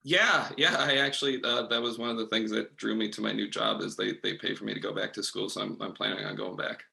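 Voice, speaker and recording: A young man who is a guest on a talk show, answering in a halting, hesitant way. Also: lowish voice, fairly even intonation, gravelly, sharp tone. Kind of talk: casual conversation.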